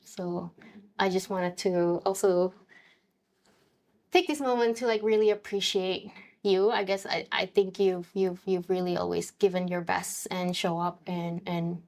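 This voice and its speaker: A woman's voice: lowish voice, fairly even intonation, a little slow, a little mellow. A woman co-hosting a podcast, talking reflectively with her husband, often restarting sentences and acting out what people said. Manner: thoughtful, with frequent restarts and acted-out quotes. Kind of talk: reflective personal conversation.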